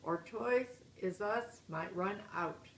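A woman's voice: mid-range voice, takes it slowly, recorded from a distance. A woman reading aloud as an eager bear father in a picture book, in a roomy recording with faint hiss. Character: eager bear father, male, quick to grab.

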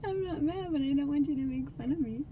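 A mother on a live stream shows off nail polish, chatting casually, teasing her son and giggling often. Her voice sits high and moves fast, with a dark tone and a slight hiss or hum.

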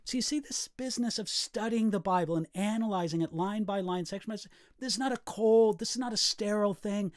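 A man's voice: high-pitched, brisk, no echo, studio quality. A middle-aged man, a pastor, earnestly explaining his Bible study notes and reading scripture aloud in a reflective way.

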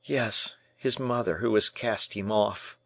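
A man's voice: lowish voice, lively intonation, a little slow, fairly bright tone, voice pushed up. A man voicing a young male prisoner who speaks in pleading, despairing tones in an audiobook.

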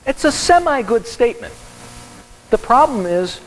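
A male pastor teaching a Bible study sermon in an animated style, joking with the congregation. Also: very high voice, normal speed, soft background music, rough recording.

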